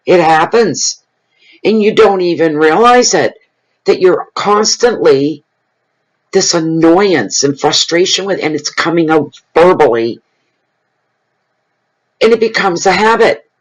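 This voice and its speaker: A man's voice: fairly high pitch, expressive, slow pace, pauses often, poor audio. Blunt, chatty middle-aged man giving a tarot reading. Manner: frank, blunt and conversational, with many fillers. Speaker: tarot reader. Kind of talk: general tarot reading to camera.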